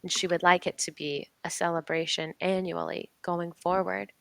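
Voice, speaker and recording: A woman's voice: on the low side, flat delivery, vocal fry, a bit bright, no echo, poor audio. Woman as a formal priestess's envoy. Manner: measured, formal and persuasive.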